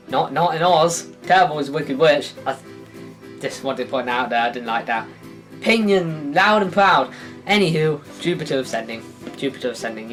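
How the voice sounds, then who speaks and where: A man's voice: fairly high pitch, fairly bright tone. A man reviewing films in a casual, rambling way, often sighing, restarting his sentences and adding sarcastic asides. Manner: rambling, self-interrupting, sighs, sarcastic asides. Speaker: film reviewer.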